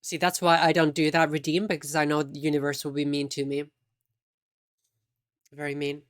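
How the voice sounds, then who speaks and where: Streamer, mid pitch, easygoing chat with viewers, teasing. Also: flat delivery, normal speed, dry recording, studio quality. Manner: chatty, teasing, reacting to chat. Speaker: live streamer.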